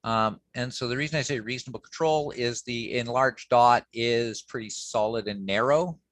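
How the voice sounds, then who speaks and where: A man delivering a summer-school lecture at an ordinary pitch, talking through his slides in a loose, conversational manner. He restarts sentences, fills gaps with "um" and punctuates points with "okay". His voice is recorded close and dry, with no room echo. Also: moderate pace, fairly bright tone. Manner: conversational, frequent "okay" and "um" fillers, self-corrections. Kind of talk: academic lecture.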